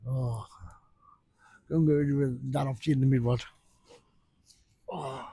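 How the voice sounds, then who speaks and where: A man, talking casually for a fishing vlog in a blunt, sweary, ranting way, outdoors on a beach at night by rough surf. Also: medium pitch, steady tone, a little slow, mellow, dry recording. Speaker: fishing vlogger.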